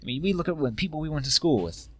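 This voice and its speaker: A man's voice: a little high, animated, racing, fairly bright tone. A man co-hosting a casual podcast chat, rambling and self-deprecating, laughing often. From United States. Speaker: podcast co-host.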